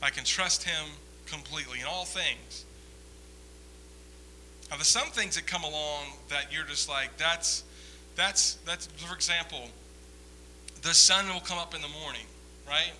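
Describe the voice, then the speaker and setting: Pastor guy rambling thru a funny sermon, kinda high voice, super bright and sharp. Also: a little slow, long pauses, slight background noise, low-quality recording. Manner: rambling, self-deprecating storyteller with humor. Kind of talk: conversational sermon.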